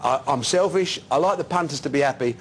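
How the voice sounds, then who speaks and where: Older bloke spinning stories fast, lots of chuckles, bit high voice. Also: male voice, slight background noise. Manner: lively, chuckling, punchy anecdotes. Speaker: boxing promoter, guest. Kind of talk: animated storytelling interview.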